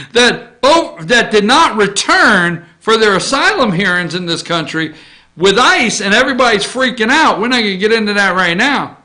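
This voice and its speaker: A man's voice: extremely high pitch, slow. A man hosting a casual opinion show, rambling through a list with jokes and asides. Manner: joking, rambling, animated, with asides. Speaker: host.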